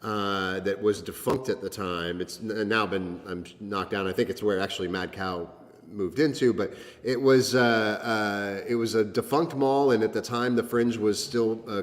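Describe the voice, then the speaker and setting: A man's voice: fairly low pitch, steady tone, normal speed, big-room sound. A man talking as a guest in a casual chat, rambling with many fillers and restarts.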